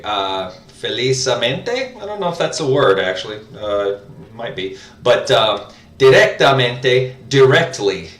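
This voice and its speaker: A man working through a language lesson out loud, hesitant and full of fillers and self-corrections. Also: medium pitch. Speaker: language learner host. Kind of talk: casual spoken lesson, thinking aloud. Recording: roomy, mic at a distance.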